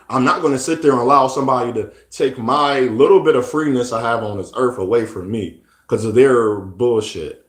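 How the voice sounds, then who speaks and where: A man's voice: mid-range voice, echoey room. A man talking casually in a rambling, repetitive way, often restarting his sentences. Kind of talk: casual monologue.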